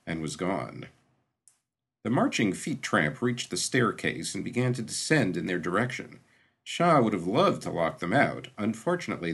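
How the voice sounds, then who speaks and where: A man narrating a fantasy audiobook in a steady, descriptive storytelling manner. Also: low voice, creaky, breathy edge.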